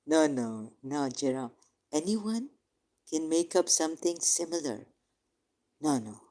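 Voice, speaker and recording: A woman's voice: low-pitched, lively intonation, takes it slowly, dark tone. A woman in a heated religious debate who reads verses aloud and insistently corrects the other speaker. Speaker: debate participant.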